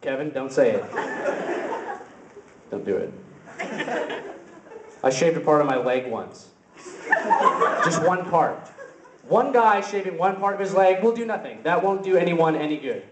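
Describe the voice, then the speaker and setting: Young male stand-up comic, high voice, rambling absurd delivery, caught from afar in a roomy space. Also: animated, moderate pace. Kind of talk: open-mic stand-up comedy. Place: open-mic venue. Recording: roomy, distant, noisy camera recording.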